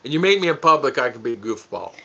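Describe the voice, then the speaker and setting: Bright-voiced goofy man on a livestream. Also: mid-range voice, very animated, very fast, vocal fry. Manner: goofy, teasing, laughs often. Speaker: livestream host reading viewer comments. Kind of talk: casual livestream chat. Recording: dull lo-fi stream audio.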